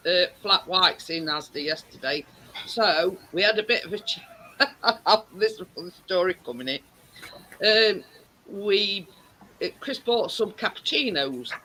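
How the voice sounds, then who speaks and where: A woman's voice: medium pitch, sharp tone, low-quality recording. A woman, hosting a casual chat and telling stories with frequent laughs. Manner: chatty storyteller, laughs often. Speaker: host.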